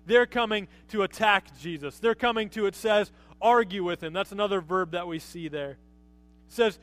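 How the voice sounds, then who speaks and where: A man's voice: high voice, moderate pace, fairly bright tone, no room sound. A man preaching a conversational sermon as pastor, often asking his listeners rhetorical questions.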